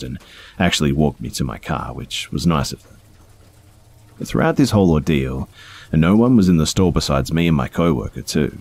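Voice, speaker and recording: A man's voice: very deep voice, a little mellow, a little hiss or hum. A man reading first-person stories aloud in a conversational way, with small fillers along the way. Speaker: storyteller.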